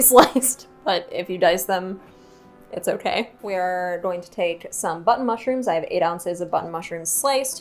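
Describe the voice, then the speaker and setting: A young woman hosting a home cooking tutorial in a kitchen, chatty, playful and self-mocking, laughing often at her own slips. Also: mid-range voice. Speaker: cooking show host.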